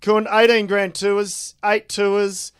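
Man, co-host, high voice, dry close sound, lively storyteller. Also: takes it slowly, smooth, dry recording. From Australia. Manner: lively anecdote telling. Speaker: podcast co-host. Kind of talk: casual podcast storytelling.

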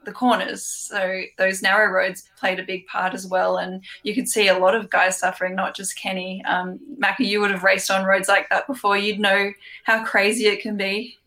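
A woman co-hosting a podcast and explaining things clearly. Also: mid-range voice, little pitch movement, moderate pace, sharp tone. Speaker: podcast co-host, former pro cyclist. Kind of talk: casual chat.

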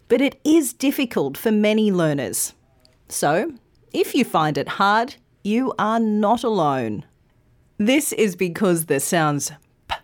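A woman presenter reading a scripted pronunciation lesson with careful, clear articulation. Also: medium pitch. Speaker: news presenter teaching pronunciation.

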